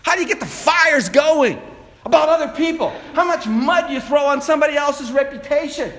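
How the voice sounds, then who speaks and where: A middle-aged male pastor preaching a sermon, rising to shouts and dropping low for emphasis. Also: animated, normal speed. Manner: preachy, builds to shouts then drops low.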